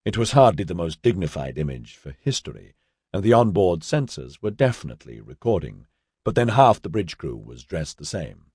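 Male audiobook narrator, measured, husky, lowish voice, dry close sound. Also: sing-song, darkish tone, no room sound. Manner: measured storytelling, voicing all characters. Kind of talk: scripted narration.

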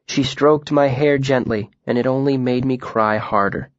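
This audiobook narration features a man telling a story softly and reflectively, at an even pace. The audio is dry and somewhat muffled, and his voice falls at a medium pitch.

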